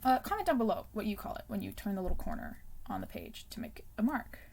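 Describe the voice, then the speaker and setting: A woman's voice: mid-range voice, huge pitch swings, fast, breathy edge. A young woman chatting casually about her favorite books, rambling with lots of ums and likes, laughing often and sometimes dropping to a self-conscious whisper. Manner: soft self-conscious asides, drifting into whispers. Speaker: book vlogger. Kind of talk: casual chat.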